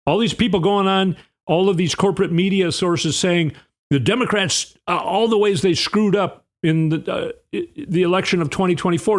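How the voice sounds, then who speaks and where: A man's voice: sits high, normal speed. A man hosting a podcast, delivering a rambling, sarcastic political monologue with an indignant edge. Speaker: podcast host.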